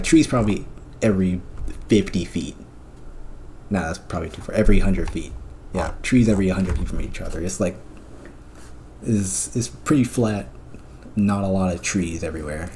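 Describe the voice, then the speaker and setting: A man's voice: deep voice, warm tone, a little hiss or hum. A man streamer in casual chat, recounting a dream in a profane, rambling way with lots of fillers.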